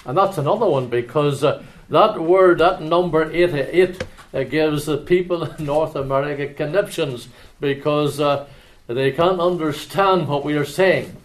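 A man from Northern Ireland with an Ulster accent and a voice on the high side preaches in a church. He chats through anecdotes, then reads scripture in a measured, solemn way.

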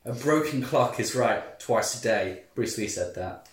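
A man's voice: mid-range voice, lively intonation, unhurried. Guy cracking dry jokes, kinda far from the mic, echoey. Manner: wry, joking asides. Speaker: podcast co-host. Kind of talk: casual chat.

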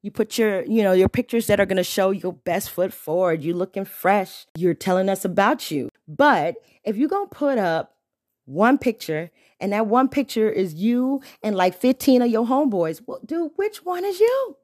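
A young adult woman chats on her own podcast in a lively storytelling way. She acts out the lines other people said to her. Her voice sits at a medium pitch, and the recording is dry, with no room echo. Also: normal speed. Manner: animated storytelling, mimics the men's messages. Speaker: podcast host. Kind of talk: casual solo podcast chat.

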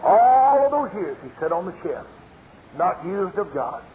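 A male evangelist from Tennessee with a Southern accent, preaching a revival sermon as a storyteller whose voice rises to shouts. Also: sits high, big pitch swings, unhurried. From Tennessee, USA. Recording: muffled phone-like old tape in a reverberant hall, faint hiss.

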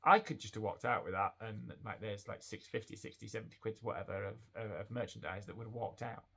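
A man, hosting his own podcast and telling a shopping story in a chatty, animated way, full of quoted voices and restarts. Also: lowish voice, fairly quick, vocal fry, slightly rough. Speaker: podcast host; retail manager. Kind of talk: casual storytelling monologue.

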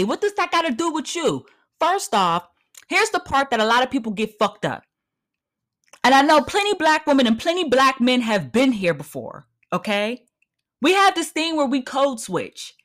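Woman, podcast host, solo rant, lively swooping delivery, higher pitch, cursing and emphatic. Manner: profane, heated and emphatic.

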